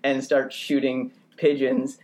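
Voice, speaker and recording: Animated self-mocking male storyteller. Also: slow pace. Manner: animated, self-mocking, rants with rising pitch. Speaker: podcast co-host. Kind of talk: comedic storytelling.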